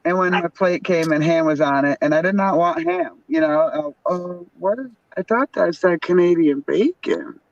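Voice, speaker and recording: A man's voice: high voice, very animated, normal speed, creaky, few pauses, far from the mic, lo-fi sound. A man in casual, joking chat who laughs often and banters with his co-hosts.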